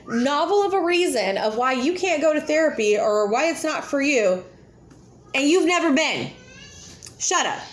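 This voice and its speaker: A woman, talking casually to camera as a vlogger, blunt and chatty, laughing often. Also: fairly high pitch. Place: home with children nearby. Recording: echoey room.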